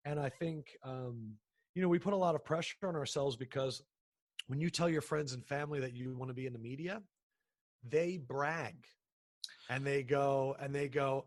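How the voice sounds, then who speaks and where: A man in his thirties, recorded close and dry, talks in a mid-range voice. He tells casual stories as an interview guest, animated and quick to act out other people's lines, often restarting his sentences. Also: medium pitch, no room sound. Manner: animated, acts out quoted people, frequent restarts. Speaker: sports broadcaster, interview guest.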